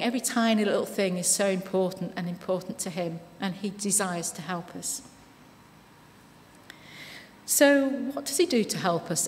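A woman giving a sermon in a church, speaking conversationally and reading scripture slowly and with care. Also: mid-range voice. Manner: warm conversational preaching with frequent "you know"; reads scripture slowly and deliberately. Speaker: preacher. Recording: long reverb of a church hall.

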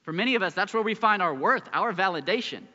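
A man preaching a sermon as pastor, earnest, swinging between loud emphasis and hushed lines. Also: sits high, lively intonation, quick pace. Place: church sanctuary. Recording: muffled church recording with long hall reverb.

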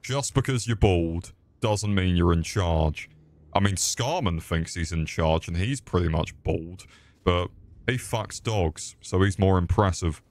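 A British man streaming a horror game, swearing and yelling at his chat in exclamatory bursts. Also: sits low, a little slow. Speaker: gaming streamer. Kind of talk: live gameplay commentary.

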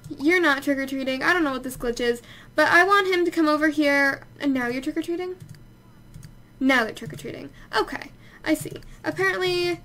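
Playing a life-sim game, a young let's play host speaks in a high, bright, forceful voice. Her commentary is casual and chatty, punctuated by exclamations and scolding aimed at the characters.

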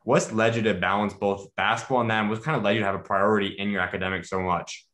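A man hosting an interview, asking quick, prepared questions. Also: fairly low pitch, steady tone, fairly bright tone, roomy sound. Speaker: podcast host.

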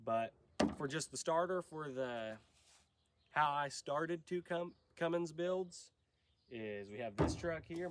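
A man's voice: a little high, background noise. A young man with a nasal voice from a cold, talking casually and rambling as host of a truck vlog. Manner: rambling, unscripted, many fillers. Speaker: channel host.

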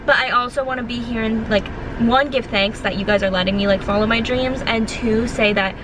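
A woman in her twenties talks fairly quickly in a fairly high, steady-toned voice, vlogging casually and earnestly with many filler words. Emotion pushes her close to tears, and there's background noise.

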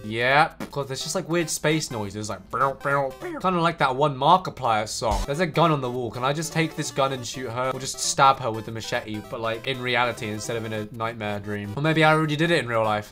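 A young man giving casual, sarcastic gameplay commentary with swearing and jumpy shouts. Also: mid-range voice. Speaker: streamer.

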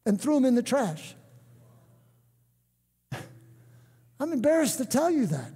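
An older man preaching a sermon, emphatic, breaking into shouts and calling on the congregation to answer. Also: extremely high pitch, sing-song, unhurried, long pauses, breathy edge. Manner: emphatic, bursts into shouts and calls for response. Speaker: guest preacher. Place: church sanctuary. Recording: echoey church hall.

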